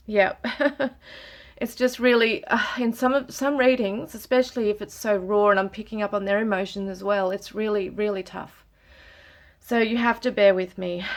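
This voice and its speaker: A woman talking to her viewers while giving a tarot reading, earnest and emotional, with frequent pauses, sighs and ums. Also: medium pitch. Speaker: tarot reader. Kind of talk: casual spiritual reading to camera.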